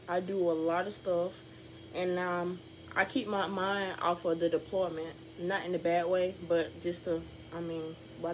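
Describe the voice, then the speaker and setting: A woman's voice: on the low side, a little hiss or hum, rough recording. A young woman talking casually to camera for her vlog, chatty, candid and upbeat. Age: young adult. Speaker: vlogger.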